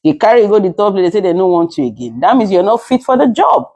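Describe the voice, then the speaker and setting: A woman's voice: medium pitch, lively intonation, fast, warm tone, dry recording. A woman with a Nigerian accent, a content creator and caregiver, giving emphatic, lecturing advice to camera and slipping into Nigerian Pidgin. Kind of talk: casual advice talk to camera.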